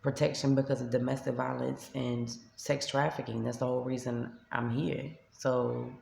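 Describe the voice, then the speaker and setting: A woman's voice: a bass voice, little pitch movement, normal speed, gravelly, a little mellow, reverberant, a little hiss or hum. A woman with a New York accent, a shelter resident venting to camera in a vlog, upset and tearful as she retells an argument. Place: shelter room by a street window.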